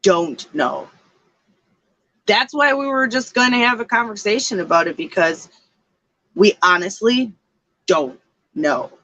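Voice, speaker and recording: A woman's voice: medium pitch, expressive, measured pace, long pauses, fairly bright tone, no room sound. A woman co-hosting a podcast, telling a story in a loose, rambling way with lots of fillers. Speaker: podcast co-host. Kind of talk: casual chat.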